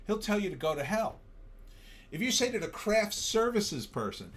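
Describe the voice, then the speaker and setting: A man's voice: high voice, big pitch swings, normal speed, a bit bright. A tired man hosting a livestream, ranting in a casual way and reading out chat comments. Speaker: livestream show host.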